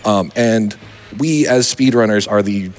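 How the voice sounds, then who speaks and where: A man's voice: fairly low pitch, a little slow. A man co-commentating a speedrun, explaining the game's mechanics and correcting himself as he goes. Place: charity marathon event stage.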